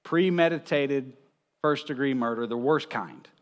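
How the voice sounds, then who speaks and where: Speaking a little slowly in a mid-range voice, this male pastor delivers a conversational church sermon full of stories. Small chuckles come between his points, and he keeps asking "right?" to check in.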